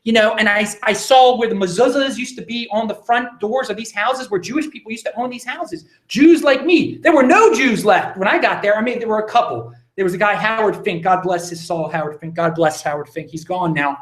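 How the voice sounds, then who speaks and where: Excitable home livestream host, man in his thirties from Baltimore, a bit high-pitched, rambling Q&A. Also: fairly quick, hardly any pauses. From Baltimore, USA. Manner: rambling and excitable, lots of restarts. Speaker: livestream host answering viewer questions. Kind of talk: casual live Q&A monologue. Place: home, indoors.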